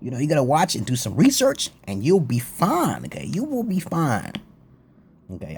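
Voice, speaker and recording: A man's voice: fairly high pitch, a little mellow, husky. A man talking to camera in a rambling, crude, boastful monologue, laughing often. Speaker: vlogger.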